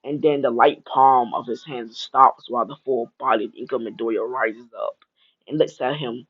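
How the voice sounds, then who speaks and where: A man's voice: medium pitch, normal speed, breathy edge. A young man improvising a fan-fiction story, rambling with frequent restarts and filler phrases. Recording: dull lo-fi mic.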